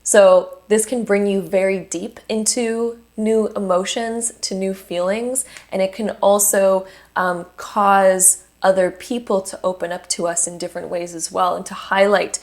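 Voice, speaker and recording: A woman talks through a monthly astrology forecast, unscripted and earnest. She keeps an encouraging tone, slips in fillers and restarts her sentences, and her voice sits at a middling pitch for a woman. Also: steady tone, measured pace. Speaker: astrology YouTuber.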